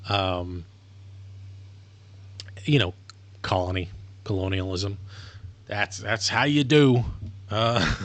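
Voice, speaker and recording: Slow, tired man streaming casually. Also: lowish voice, steady tone. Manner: rambling, swears freely. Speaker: streamer learning a language. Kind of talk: casual live-stream talk.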